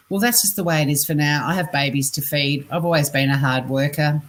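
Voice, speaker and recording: In a low voice and a little fast, an Australian woman reads scam messages and chat on her casual scambaiting livestream. She's chatty, laughs frequently, and swears freely, with slight background noise.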